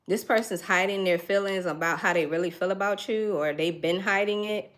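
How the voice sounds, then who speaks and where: A woman's voice: medium pitch, a little fast, fairly bright tone. Chatty woman doing a tarot reading. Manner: chatty, thinks aloud, laughs now and then. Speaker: tarot reader.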